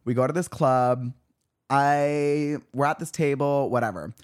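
A man's voice: unhurried, clear, resonant tone. A young man in his twenties, hosting a podcast and telling a story in casual chat, acting out the quotes. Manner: animated storyteller, acts out quotes with big pitch jumps. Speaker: podcast host.

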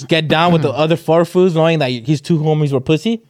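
A young man casually telling a story on a podcast, laughing and acting out quotes in a higher voice. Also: fairly quick, a little mellow. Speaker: podcast co-host.

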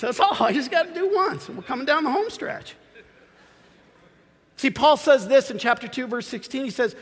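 A man in his forties preaching a sermon as pastor, swinging from shouted peaks to quiet asides. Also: very high-pitched, breathy edge. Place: church sanctuary. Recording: long hall reverb.

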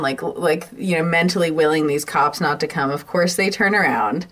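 A woman's voice: sits low, lively intonation, unhurried. A woman co-hosting a podcast, telling stories in casual chat, laughing often and swearing freely. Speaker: podcast co-host.

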